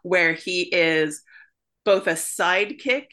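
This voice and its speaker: A woman with a lower voice and a bright, forceful edge, chatting loosely in a podcast. She rambles through long thoughts, padding them with "like" and "you know". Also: slow. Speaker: podcast co-host or guest. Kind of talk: casual film discussion.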